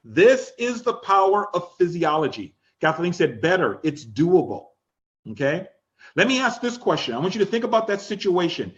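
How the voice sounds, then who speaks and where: A man leading a coaching class, energetic and coaxing, repeating instructions and laughing often. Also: high-pitched, normal speed, highs cut off. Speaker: life coach. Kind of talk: live-streamed coaching class.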